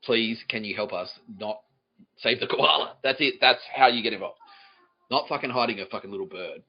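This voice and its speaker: A man's voice: mid-range voice, brisk, husky, lo-fi sound. A man hosting a comedy podcast, swearing often and laughing as he jokes with the live audience. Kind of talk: improvised comedy monologue, relaying a psychic's words.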